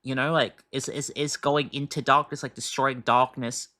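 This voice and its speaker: A reaction streamer who talks casually, asking rambling, confused questions and swearing often. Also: male voice, mid-range voice, steady tone, moderate pace, sharp tone.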